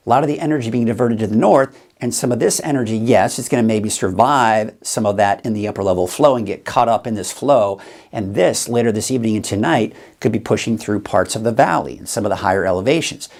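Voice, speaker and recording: A man's voice: lowish voice, quick pace, darkish tone. A male weather forecaster hosting a live show, talking viewers through the forecast in a chatty, explaining way. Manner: chatty, explains as he goes, addresses viewers directly.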